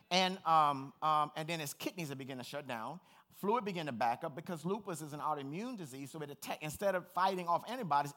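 A middle-aged man delivers a sermon from the pulpit in a high-pitched voice. He is earnest and personal and speaks in plain words. His tone is bright and forward. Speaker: pastor.

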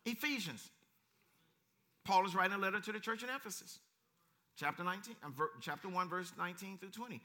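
A man preaching with a strikingly high voice. His tone is bright and sharp. He delivers emphatic, repetitive lines and quotes scripture. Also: a little fast, long pauses. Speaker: pastor. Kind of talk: sermon.

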